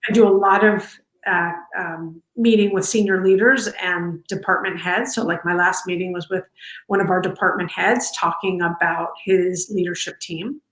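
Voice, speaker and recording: A woman's voice: lowish voice, steady tone, moderate pace. Chatty woman in an echoey room. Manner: chatty, warm, many fillers and restarts. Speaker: company culture executive, interview guest. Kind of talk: casual interview conversation. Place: home, on a video call.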